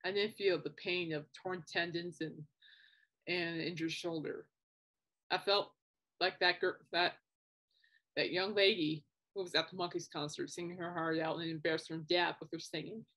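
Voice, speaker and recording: A woman's voice: on the low side, steady tone, normal speed, fairly bright tone. A young woman hosting her own podcast, chatting in a rambling way and breaking into giggles. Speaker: podcast host. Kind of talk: casual solo podcast chat.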